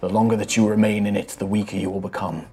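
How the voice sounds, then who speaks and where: A man voicing a gentle spirit that possesses a character, speaking faintly and solemnly. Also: lowish voice, flat delivery, fast talker, a little hiss or hum, close to an everyday voice. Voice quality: faint, subdued.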